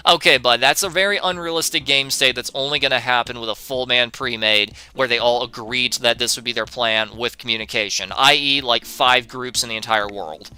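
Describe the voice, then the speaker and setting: A man's voice: mid-range voice, brisk, hardly any pauses, sharp tone, clear, resonant tone. A young man streaming a game, answering chat in a sarcastic, profane way and laughing often.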